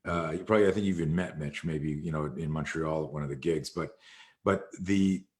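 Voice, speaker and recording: A man's voice: a bass voice, fairly quick, darkish tone. A man, a martial arts instructor, telling a long story in an interview and acting out quoted dialogue. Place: live video call.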